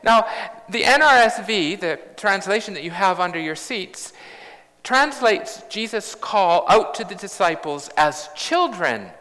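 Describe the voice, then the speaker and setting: Slow, bright-voiced preacher in his fifties. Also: high voice, lively intonation. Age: 50s. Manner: measured and reflective, with bursts of humour. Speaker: pastor. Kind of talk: sermon. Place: large church. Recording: long church reverb.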